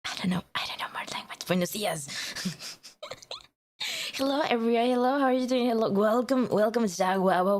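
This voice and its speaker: A woman's voice: a little high, normal speed, a little hiss or hum. A woman livestreamer chatting casually with her viewers, playful and teasing, giggling and stammering through restarts.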